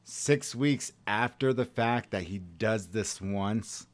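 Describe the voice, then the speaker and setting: Low-voiced man, blunt profane commentary. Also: takes it slowly. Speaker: podcast co-host. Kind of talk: casual chat.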